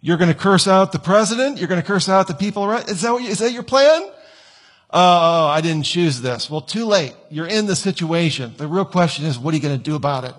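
A man's voice: sits high, fast, hardly any pauses, breathy edge. A male pastor preaching a conversational sermon in church, now and then acting out whiny quoted voices.

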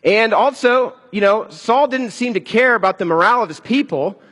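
Husky-voiced man preaching in an echoey hall. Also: high voice, normal speed. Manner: animated, conversational preaching. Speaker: pastor. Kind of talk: sermon.

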